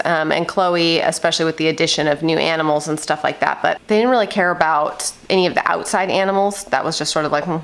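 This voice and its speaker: A woman in her thirties chatting casually to the camera at home, rambling with lots of fillers, her voice a little hoarse and nasal from a coming cold. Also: sits low, fairly bright tone. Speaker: vlogger, mother of eight. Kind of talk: casual vlog chat. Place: at home indoors.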